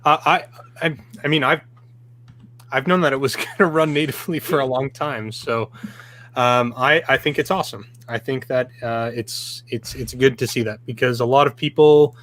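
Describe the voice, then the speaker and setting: A man co-hosting a podcast, speaking in a hesitant, halting way. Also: medium pitch, steady tone, a bit bright. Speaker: co-host. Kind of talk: casual chat.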